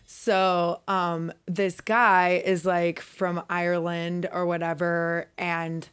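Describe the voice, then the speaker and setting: A woman's voice: lowish voice, flat delivery, takes it slowly, clean tone. A woman co-hosting a podcast, telling dating stories in a casual chat, laughing often and swearing a lot. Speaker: podcast co-host.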